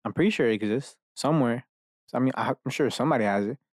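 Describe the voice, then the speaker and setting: A man talks quickly at medium pitch while hosting his own podcast from his bedroom. The episode is a rambling rant that hops between topics, heavy on cursing and self-deprecating jokes. It sounds like a clean studio recording with no echo.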